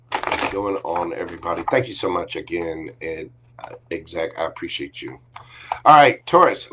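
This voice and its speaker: Chatty low-voiced male tarot streamer. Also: a bit bright, slight background noise. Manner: chatty, affectionate, greets viewers with pet names. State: briefly coughing and choked up. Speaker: tarot reader hosting a livestream. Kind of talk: casual livestream tarot reading.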